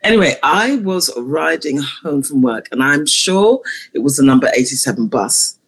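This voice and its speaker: A woman's voice: sits low, lively intonation, moderate pace, breathy edge. A woman choir conductor, a guest in an interview, telling stories with animation and frequent laughter. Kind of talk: interview storytelling.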